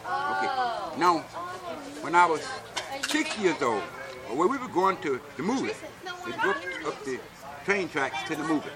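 A man's voice: a little high, big pitch swings, moderate pace, long pauses. Older man telling old stories, crowd behind. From Alabama, US. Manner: folksy storyteller, keeps asking "see?". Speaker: interviewee. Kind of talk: oral history storytelling.

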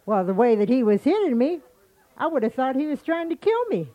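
A woman's voice: high-pitched, big pitch swings, a little fast, no echo, muffled recording, voice pushed up. A woman voicing a grumpy, sleepy male alligator in a told folktale, complaining and aggrieved.

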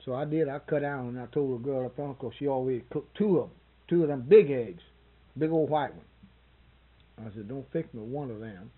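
A man's voice: medium pitch, normal speed, breathy edge, narrow, tinny audio. A man in his sixties telling a rambling, folksy anecdote in an interview, acting out both sides of the conversation he recalls. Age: 60s. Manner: rambling folksy storyteller who quotes others. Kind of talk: casual spoken anecdote.

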